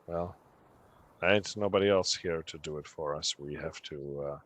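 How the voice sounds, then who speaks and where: A man's voice: a bass voice, moderate pace, fairly bright tone. A man doing a nervous village guard. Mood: worried.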